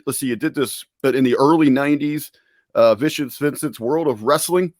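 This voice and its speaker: A man's voice: medium pitch, normal speed, dry recording, clean studio sound. A young man with a resonant radio voice, asking long, polite questions as a panel questioner.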